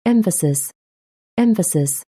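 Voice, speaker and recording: A woman who loudly repeats single words, each said twice. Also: lowish voice, animated, a little slow, slightly rough, soft background music. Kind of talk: word-repeating insert.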